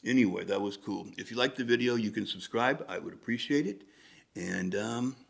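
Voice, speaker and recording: A man's voice: on the low side, moderate pace, vocal fry. An American man hosting a reaction video, musing casually and rambling as he thinks aloud, often restarting his sentences. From United States.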